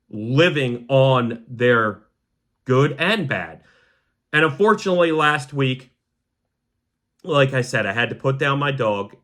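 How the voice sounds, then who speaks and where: A young man hosting a podcast, talking to camera in a heartfelt, halting way that sometimes sounds choked up. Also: medium pitch, fairly bright tone. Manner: repeats the word "gang" to the audience. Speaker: podcast host. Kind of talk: emotional personal monologue to camera.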